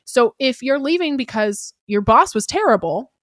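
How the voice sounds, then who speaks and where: A woman's voice: sits high, lively intonation, a bit bright, no room sound. Chatty woman podcast host, dry sound. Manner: quick, chatty delivery with frequent "right?" tag questions; fillers like "like" and "kinda". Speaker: podcast host giving job-interview advice. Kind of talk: casual advice podcast.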